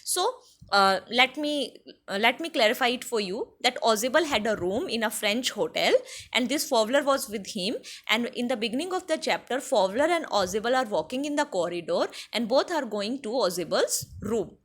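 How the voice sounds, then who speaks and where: A woman teacher with an Indian accent, reading a textbook chapter aloud and paraphrasing it slowly for her students, with many fillers. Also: fairly high pitch, lively intonation, a bit bright. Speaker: English teacher. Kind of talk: classroom lesson explaining a textbook chapter.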